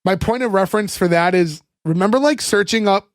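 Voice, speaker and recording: A man's voice: sits high, brisk, no room sound, studio quality. A man hosting a casual podcast, recapping an old sitcom episode, laughing often, his throat a bit scratchy. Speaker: podcast host.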